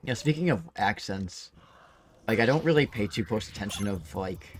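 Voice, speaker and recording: A man's voice: lowish voice, animated, normal speed, slight background noise. A man with a Midwestern American accent, chatting casually during a game stream with lots of "like" and "uh.". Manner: rambling, lots of fillers like "like" and "uh". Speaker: streamer and co-host. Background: game music.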